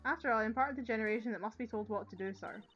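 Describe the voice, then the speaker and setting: A woman with a Scottish accent voicing an eager, dim young male police officer who ends nearly every line with "sir", loud and earnest, reading game dialogue aloud. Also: a little high, very fast, lo-fi sound, faint music behind.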